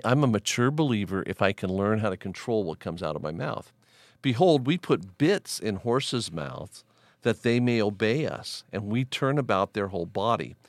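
A middle-aged man, a pastor, reading King James scripture slowly and deliberately, then teaching on it in a podcast. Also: on the low side, no echo, studio quality.

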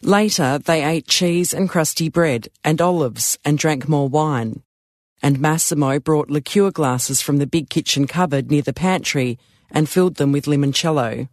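Male audiobook narrator, measured and even, slightly high voice, dry booth sound. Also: dry recording.

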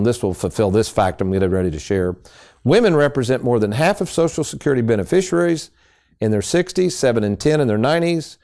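A man's voice: mid-range voice, dark tone. A man, hosting a financial radio show in a casual, folksy storytelling way. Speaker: financial advisor and radio host.

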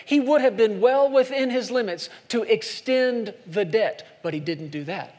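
A man preaching a sermon with passion, dropping to hushed lines and then climbing loud. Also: sits high, expressive, a little slow. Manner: impassioned, swings between soft hushed lines and loud climbs. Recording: long hall reverb.

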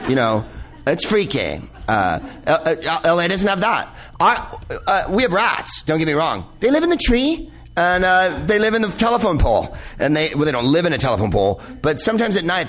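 A man's voice: fairly high pitch, big pitch swings, normal speed, fairly bright tone. Rambling, profane male comedian. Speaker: comedian host. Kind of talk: live comedic monologue. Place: live venue in Los Angeles with audience.

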